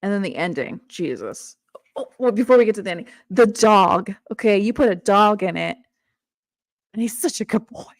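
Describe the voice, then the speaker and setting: A woman co-hosting a casual book discussion, animated, laughing often and acting out the characters' lines. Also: mid-range voice, moderate pace, no room sound, studio quality. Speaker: book club co-host.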